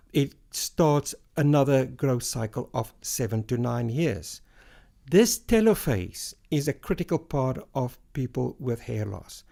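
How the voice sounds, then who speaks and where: Man, middle-aged, gravelly voice, medical expert, measured explanations, podcast interview. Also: medium pitch, a little mellow. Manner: measured, explains step by step with analogies. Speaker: hair loss doctor.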